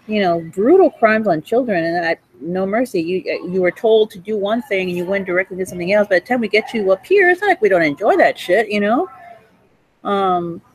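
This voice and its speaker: In a hospital cafe, a woman in her forties swears, laughs, and rambles through an accusatory rant. Her voice sits on the low side with a breathy edge, and the recording is low quality.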